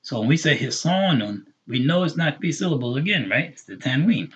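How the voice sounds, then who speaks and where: A man teaching a live online language lesson, patiently repeating words slowly for learners. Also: fairly high pitch, lively intonation, fairly bright tone, dull audio, a little hiss or hum. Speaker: Arabic teacher.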